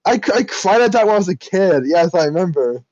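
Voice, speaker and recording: A man co-hosting a podcast in casual chat, chatty and quick to laugh along. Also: sits high, animated, a little mellow, no echo, highs cut off. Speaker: podcast co-host.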